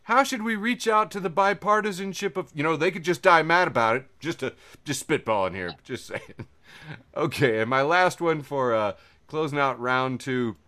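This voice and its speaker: A man's voice: on the high side, moderate pace. A man co-hosting a casual chat, reading posts aloud and joking. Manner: joking, lively. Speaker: podcast co-host.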